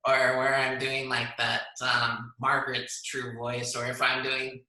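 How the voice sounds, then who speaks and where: A man's voice: medium pitch, monotone, a little slow, bright, forceful tone. A man co-hosting a podcast over a video call, chatting casually and laughing easily as he talks. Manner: chatty, laughs often while talking. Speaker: podcast co-host. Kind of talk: casual chat. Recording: roomy video call audio.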